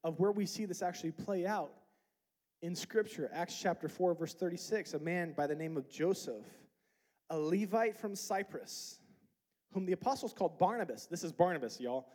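A pastor preaching a sermon, reading scripture aloud and asking the congregation questions, building to loud, emphatic passages. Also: male voice, normal speed. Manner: emphatic preaching that rises to loud, high peaks; quotes and explains scripture with rhetorical questions.

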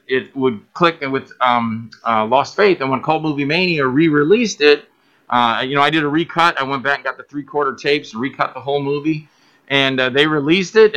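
Bright-voiced guy on a podcast, telling movie stories and doing voices. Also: a little high, dull audio. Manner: animated, acts out quoted voices, laughs often. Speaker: filmmaker guest. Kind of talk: casual storytelling interview.

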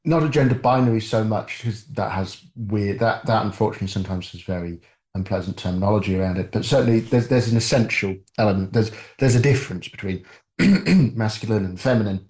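Low-voiced man in a roomy space. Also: a little mellow. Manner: measured, hedging, polite. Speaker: podcast co-host. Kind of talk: casual film discussion.

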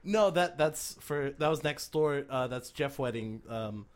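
A man's voice: medium pitch, lively intonation, unhurried, natural voice. A man playing a nervous, apologetic wedding event coordinator who stammers through an improvised comedy sketch. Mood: flustered. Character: flustered, polite male wedding event coordinator.

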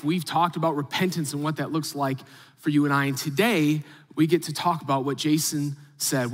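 A man preaching to a congregation in a relaxed, chatty way, his voice a little high for a man. A long hall reverb rings after his words in the large church room. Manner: casual, conversational preaching. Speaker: pastor. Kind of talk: sermon.

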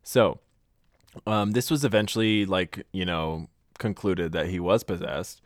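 A young man co-hosting a podcast, telling stories in a crude, animated way and laughing often. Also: low voice, measured pace, dry recording, clean studio sound. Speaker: podcast co-host. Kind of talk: casual storytelling chat.

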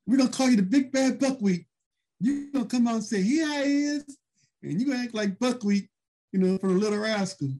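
A man's voice: very high voice, a little fast, mellow, voice pushed up. A man impersonating a brash male wrestler who pushes a gimmick on him. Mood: pushy. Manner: pushy, persuasive.

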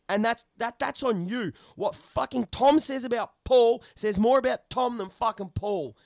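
A man's voice: high-pitched, no room sound. A man ranting heatedly in a casual chat, swearing constantly and getting worked up. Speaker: podcast co-host.

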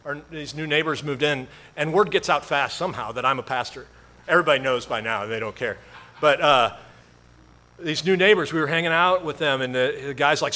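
A man's voice: fairly high pitch, a little fast, pushed and bright. A male pastor preaching a sermon in a conversational storytelling way, with self-deprecating humor.

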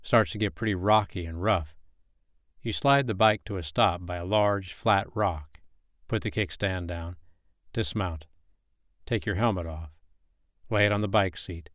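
A man narrates a second-person story in a low, even voice. His telling is matter-of-fact and unhurried. The sound is close and dry, with no room echo.

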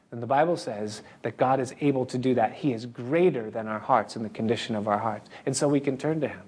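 A man's voice: medium pitch, brisk, few pauses, darkish tone, slightly rough. A male pastor delivering an earnest, expository sermon and addressing the congregation directly. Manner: earnest, expository, acts out the congregation's inner voices.

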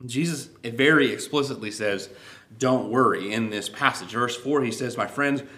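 Man preaching in a measured voice. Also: medium pitch, pushed and bright. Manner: measured reading with falling phrase endings. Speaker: pastor. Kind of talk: sermon with scripture reading.

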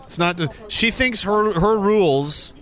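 A man hosting a stream, giving sarcastic, mocking commentary on a video clip and breaking into shouts. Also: high voice, a little slow. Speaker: stream host.

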